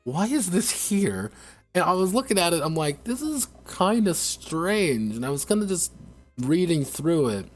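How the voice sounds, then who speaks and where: A man's voice: a little high, sing-song, normal speed, darkish tone, soft background music. A man streaming, ranting casually in a sarcastic, profane way, rambling with frequent restarts.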